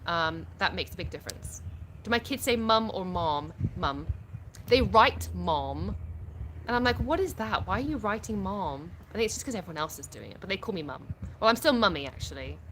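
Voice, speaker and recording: A woman's voice: fairly low pitch, lively intonation, brisk, fairly bright tone, a little hiss or hum. A British woman from the UK hosting a casual live stream at home, reading viewer comments aloud and answering them frankly, often laughing. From United Kingdom.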